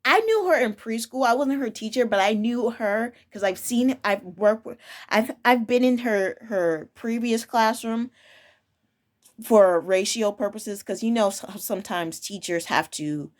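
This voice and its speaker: Her voice sits a little high and moves at a measured pace. She's a young woman who teaches preschool, sharing personal stories in a frank, casual way, firm in tone but full of restarts and self-corrections.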